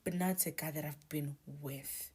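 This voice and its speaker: A woman telling a confessional story in a hushed, often near-whispered voice, hesitant and full of restarts. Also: low-pitched, fairly even intonation, moderate pace, husky.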